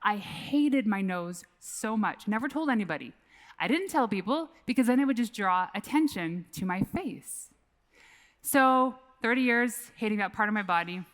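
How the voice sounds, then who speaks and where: A woman's voice: medium pitch, fairly bright tone. A woman in her forties giving a keynote talk on a conference stage, telling a personal story in a candid, casual way and swearing freely. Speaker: keynote speaker.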